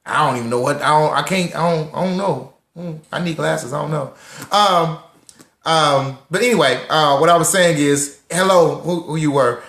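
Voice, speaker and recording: Brief: young male host, animated and preachy, fairly high voice, echoey room. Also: moderate pace, creaky. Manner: animated, preachy, repeats lines for emphasis, greets listeners by name. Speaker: host of a live social audio room on personal finance. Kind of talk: lively casual talk to a live audience.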